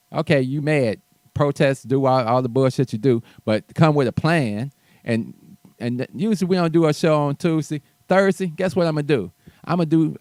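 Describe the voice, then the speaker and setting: A man's voice: medium pitch, darkish tone, no room sound. A man hosting his own show, ranting bluntly and profanely in a heated commentary monologue with mocking asides. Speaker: show host.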